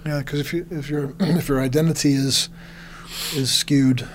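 Flat-voiced man talking in quick restarts. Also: fairly high pitch, a little hiss or hum. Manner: animated, quotes and acts out others' thoughts, many restarts. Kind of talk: casual conversation.

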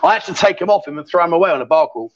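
A man hosting a live stream from a bar club, joking and teasing his guest in quick banter. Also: on the high side, lively intonation. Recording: dull lo-fi sound.

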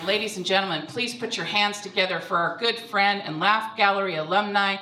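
A woman's voice: medium pitch, brisk, over loud music, rough recording. A woman hosts a comedy show, bantering with her cohost. She brings the next comic up as an emcee. Her tone is chatty and supportive. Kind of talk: casual banter and emcee introductions.

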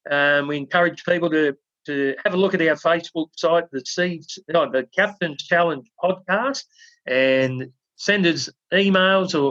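A man's voice: fairly high pitch, a bit bright, no echo. A man co-hosting a podcast, telling a long joke in a rambling, casual way, then signing off. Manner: rambling storyteller with fillers. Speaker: podcast co-host. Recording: dull dry lo-fi.

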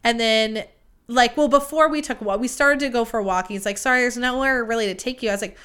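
A woman's voice: fairly high pitch, fast talker, clear, resonant tone. A young adult woman hosting a podcast, telling a dating story in a chatty, profane way and acting out quoted lines. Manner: chatty, profane, quoting others in lively voices. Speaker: podcast host. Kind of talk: casual storytelling monologue.

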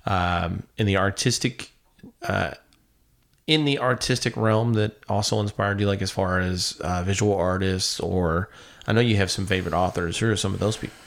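A man hosting a podcast, asking long open questions in a relaxed, joking way. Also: low-pitched, normal speed, vocal fry. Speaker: podcast host. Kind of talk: casual interview chat.

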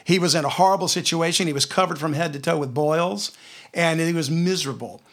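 A man with a Southern US accent teaching a conversational Bible lesson, telling stories and slowing down to read scripture aloud. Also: a little high, a bit bright. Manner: storytelling, slows down to read scripture.

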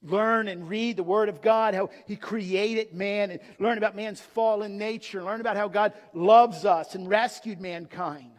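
A man's voice: high-pitched, steady tone, a little slow, hardly any pauses, in a large hall. A man preaching a sermon with emphatic delivery, posing rhetorical questions to his listeners and answering them. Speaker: pastor.

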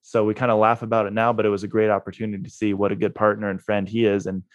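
Low-voiced laid-back storytelling man. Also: level tone, very fast, no echo, lo-fi sound. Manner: laid-back, laughs through his own story. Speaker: guest, real estate investor. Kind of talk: casual storytelling interview.

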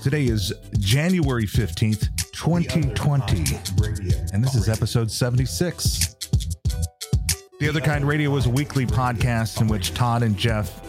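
A man hosting a pop culture podcast, talking casually and joking at his own slip-ups. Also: mid-range voice. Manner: self-mocking, joking. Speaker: podcast host. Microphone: studio mic.

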